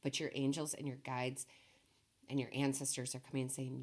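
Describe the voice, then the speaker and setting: A tearful woman reads tarot in a very deep, low voice. She speaks softly and gently, reassuring her listeners and checking in with them often. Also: level tone, brisk. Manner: soft-spoken, emotional, reassuring, says okay often. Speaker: tarot reader. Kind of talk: emotional tarot reading.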